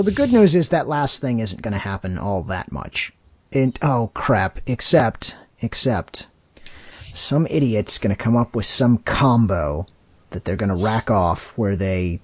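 A man's voice: on the low side, slightly rough, dry recording. A man co-hosting a podcast, chatting casually with a wry, grumbling manner. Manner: wry, grumbling, lively delivery. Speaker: podcast co-host. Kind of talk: casual chat about card games.

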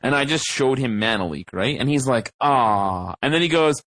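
A man's voice: mid-range voice, lively intonation, a little fast, fairly bright tone, no echo. A man co-hosting a podcast, rambling through a story with many fillers and restarts. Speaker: podcast co-host. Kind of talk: casual chat.

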